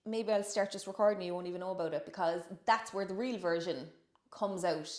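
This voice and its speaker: A woman's voice: lowish voice, fairly quick, echoey room. Encouraging woman co-host. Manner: encouraging, laughs often. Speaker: co-host judging impressions. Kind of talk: casual chat.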